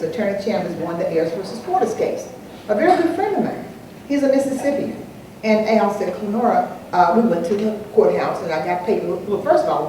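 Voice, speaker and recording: An older woman speaking on an anniversary panel, an animated storyteller who acts out the dialogue in her anecdotes. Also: lowish voice. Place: large echoey hall, live event. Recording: echoey hall, distant mic, faint noise.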